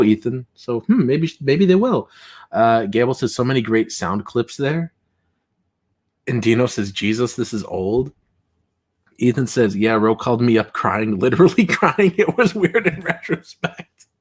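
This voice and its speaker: A man hosting a casual livestream, reading chat comments aloud and telling stories with lots of laughter. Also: a little high. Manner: animated, laughs often, mimics callers. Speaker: livestream host.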